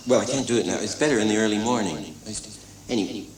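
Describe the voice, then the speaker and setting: A man's voice: lowish voice, racing. Older man telling animation studio stories. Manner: animated storytelling, acts out quotes, many restarts. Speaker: animator and director. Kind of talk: documentary interview reminiscence. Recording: echoey room, distant mic, crowd noise.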